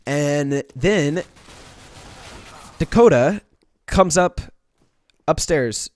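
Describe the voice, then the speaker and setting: A young man in a storytime vlog, retelling a prank in a rambling, animated way with many restarts. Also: a little high, extremely slow, no room sound, clean studio sound. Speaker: vlogger.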